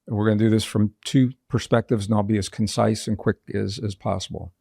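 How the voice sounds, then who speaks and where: Low gravelly man explaining earnestly. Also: steady tone, fairly quick, warm tone, no room sound, clean studio sound. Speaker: guest author. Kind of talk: reflective interview storytelling.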